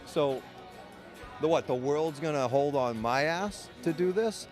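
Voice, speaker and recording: A man's voice: on the high side, lively intonation, measured pace, darkish tone, faint music behind. A man candidly telling his own story in an interview, blunt and profane, rambling with restarts. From United States. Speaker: medical cannabis caregiver and patient.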